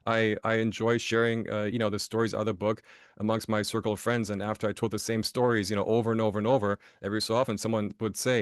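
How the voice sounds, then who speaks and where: Fast-talking man telling anecdotes. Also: lowish voice, dry recording, clean studio sound. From Germany. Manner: animated storyteller, often restarts phrases and adds "right?". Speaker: podcast guest, author. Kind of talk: casual storytelling interview.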